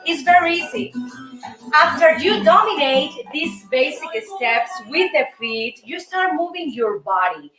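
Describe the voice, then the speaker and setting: A woman's voice: sits high, expressive, a little slow, echoey room, distant mic, music in the background, rough recording. A woman from Cuba with a Cuban Spanish accent teaches a salsa dance lesson as host, counting beats and chanting rhythms.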